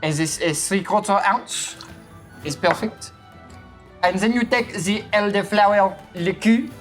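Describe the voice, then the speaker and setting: A woman voicing a small, scruffy French boy bartender in a mock French accent, with halting, chatty patter full of fillers, over clear background music. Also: lowish voice.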